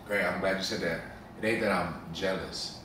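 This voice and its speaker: A deep-voiced young man talks in slangy, stammering bursts as a casual host. He sits far from the mic in a very echoey room with clear noise behind him. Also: fairly even intonation, normal speed, sharp tone. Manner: slangy, stammers on repeated words. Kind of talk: casual, explicit chat.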